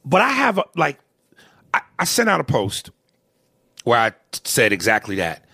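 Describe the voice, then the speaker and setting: Animated gravelly New host. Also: male voice, mid-range voice, moderate pace, dry recording, studio quality. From New York. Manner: animated, mimics accents, repeats words. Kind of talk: casual comedic podcast chat.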